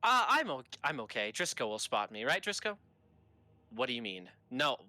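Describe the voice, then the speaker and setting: A man's voice: mid-range voice, very animated, normal speed, bright, forceful tone, dry recording. A young man narrating a tabletop game as game master in a casual way, laughing often.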